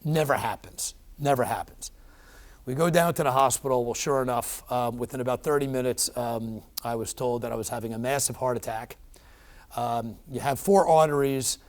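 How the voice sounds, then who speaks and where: A middle-aged man telling a personal story as an interview guest. He talks in an animated, emphatic way, with plenty of fillers and restarts. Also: medium pitch, brisk.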